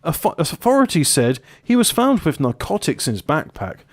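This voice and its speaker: A man's voice: fairly high pitch, wildly swooping pitch, moderate pace. A man hosting a casual podcast, reading a news article aloud between jokes and asides. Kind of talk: casual chat.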